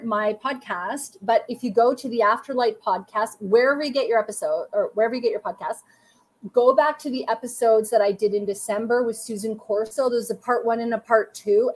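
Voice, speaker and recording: A woman with a slightly high, somewhat rough voice hosts a psychic reading livestream. She encourages her viewers warmly and speaks to them directly.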